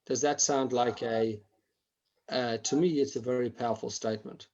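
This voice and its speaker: A man's voice: medium pitch, steady tone, moderate pace, a little mellow, dull audio. A man teaching a Torah class online, acting out examples and often restarting his sentences.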